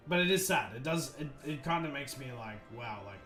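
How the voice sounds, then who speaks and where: A man hosting a livestream, chatting casually and thinking out loud, restarting his sentences often. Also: medium pitch, animated, a little fast. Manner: rambling, thoughtful, many restarts and fillers. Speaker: livestream host. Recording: roomy echo, faint music behind.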